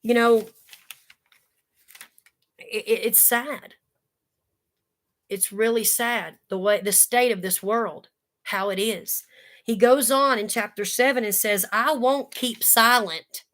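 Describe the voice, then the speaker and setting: A woman's voice: medium pitch, slow pace, long pauses. A woman giving a casual Bible study talk, conversational and earnest, with folksy asides. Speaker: Bible teacher.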